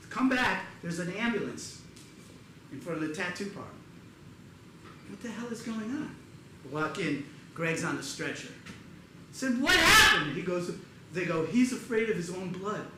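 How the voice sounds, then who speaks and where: A man performing live storytelling comedy in a theater, animated and acting out other people's voices in loud bursts. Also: high-pitched, measured pace, background noise. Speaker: comedian performing a one-person show. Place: theater stage before a live audience. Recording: echoey theater with audience ambience.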